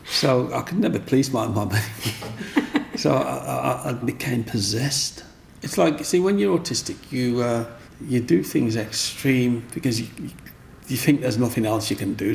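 Speaking at a measured pace with vocal fry, a medium-pitched man recounts his life stories in an interview against slight background noise. His storytelling rambles and circles back on itself, frequently punctuated by "you know what I mean".

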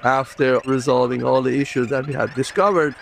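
Man, from the Middle East, middle-aged, gravelly, earnest and halting, faint music behind. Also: medium pitch, steady tone. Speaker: inventor interviewee. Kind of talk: recounted interview.

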